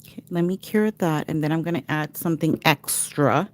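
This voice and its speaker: A woman's voice: low voice, normal speed, darkish tone. A woman nail artist hosting a live tutorial, chatting to her viewers by name and narrating her steps as she works.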